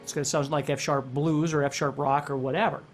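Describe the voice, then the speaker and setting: A man teaching a relaxed guitar lesson, walking through each idea plainly and often pausing to ask if you follow. Guitar music is clearly heard behind his voice. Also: a little high. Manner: explanatory, checks in with "okay?" and "right?". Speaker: guitar instructor. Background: guitar playing.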